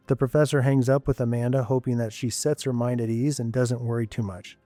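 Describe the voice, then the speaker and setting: A man reading scripted narration for an audio story in an even, measured way. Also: medium pitch, no room sound, faint music behind.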